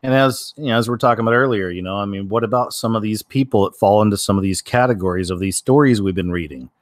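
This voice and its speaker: A man with a lowish voice talks casually through video clips, drifting from point to point and filling gaps with "you know." His voice is close and dry, with no room sound. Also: fast, no echo. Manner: rambling, lots of "you know" fillers. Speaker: show host.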